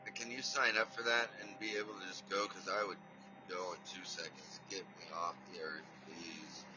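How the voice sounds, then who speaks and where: A man's voice: deep voice, fairly even intonation, normal speed, lo-fi sound, over music. A man hosting a casual live podcast, rambling, restarting his sentences and apologizing as he goes. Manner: rambling, apologetic, talks to his dog mid-show. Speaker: podcast host. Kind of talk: casual live-stream chat.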